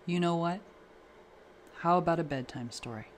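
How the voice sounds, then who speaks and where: Protective dad, yells at his wife, soft with his child, read by a male narrator. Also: fairly high pitch, moderate pace, slight background noise, lightly acted. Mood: soothing. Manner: shouting, furious, then gentle. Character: angry protective father, adult man.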